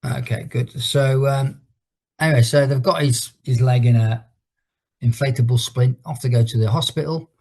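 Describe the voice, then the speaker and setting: A middle-aged man with a husky, slightly breathy voice runs a fitness class over a video call. He chats in a rambling way and stops now and then for countdowns. His pitch sits in an ordinary middle range for a man. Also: normal speed, darkish tone. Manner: chatty and rambling, breaks off to count down exercises. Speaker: fitness instructor. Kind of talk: leading an online exercise class while telling a story.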